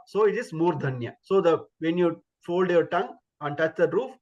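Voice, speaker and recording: A man's voice: high voice, a little fast, hardly any pauses, a little mellow, highs cut off. A man teaching Sanskrit pronunciation in an online class, patiently repeating sounds as demonstrations.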